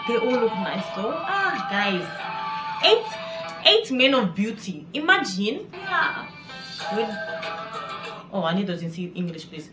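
A woman hosting a casual music video reaction, chatty and excitable, exclaiming often. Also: mid-range voice, takes it slowly, long pauses. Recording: echoey room with music behind.

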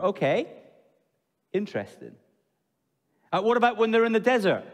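A male preacher with a high voice gives an expressive sermon. He puts questions to his listeners and sinks low and slow to stress a point. His voice rings with a long reverb through a church hall.

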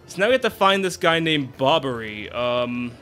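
A man's voice: medium pitch, big pitch swings, moderate pace, sharp tone, soft background music. Rambling chatty gamer man. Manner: rambling, self-correcting, chatty. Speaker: let's play host. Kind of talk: casual gameplay commentary. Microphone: desktop mic.

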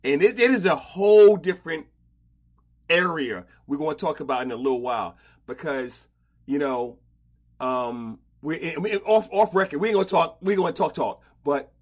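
A man hosting a casual podcast interview, slangy and animated, often repeating himself. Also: on the high side. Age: older. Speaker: podcast host.

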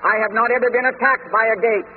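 A man's voice: very high voice, breathy edge. Man preaching on a tinny old tape. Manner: measured, emphatic preaching with scripture quotes. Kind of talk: sermon. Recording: tinny lo-fi sermon tape in a reverberant hall with faint noise.

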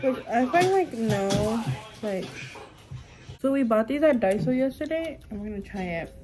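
A woman's voice: a little high, expressive, normal speed, over music. A young woman chatting casually to her camera in a vlog, full of "like" and "um". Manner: chatty, fillers like "like" and "um". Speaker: vlogger. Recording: noisy background.

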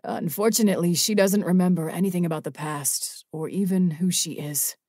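A woman voicing a calm, firm male leader of a winged band who speaks in a measured, commanding way. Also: on the low side, breathy edge, no echo, studio quality.

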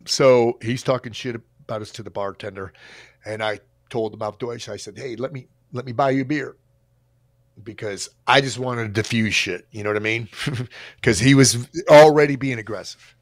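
A man coaching on a livestream, telling a story in a casual, animated and profane way. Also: medium pitch, moderate pace, no room sound, studio quality.

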